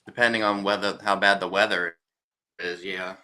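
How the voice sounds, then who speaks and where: A man's voice: low-pitched, level tone, normal speed, pushed and bright. A man chatting casually on a video call livestream, easygoing and a bit hesitant. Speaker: vintage shop owner guest.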